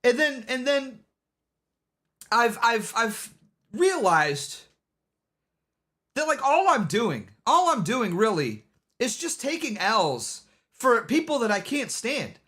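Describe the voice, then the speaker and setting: A man's voice: very high voice, very animated, slow, pauses often, bright, forceful tone. A man streaming live, talking loosely in casual commentary, rambling and restarting his sentences over and over. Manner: rambling, repeats himself, lots of restarts.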